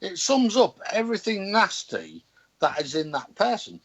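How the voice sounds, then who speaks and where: A man's voice: high-pitched, big pitch swings, normal speed, husky, highs cut off. A man with a Hull accent in casual conversation, speaking bluntly and outspokenly. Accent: Hull, Yorkshire. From Hull, England. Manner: blunt, outspoken, swearing freely. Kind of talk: casual chat.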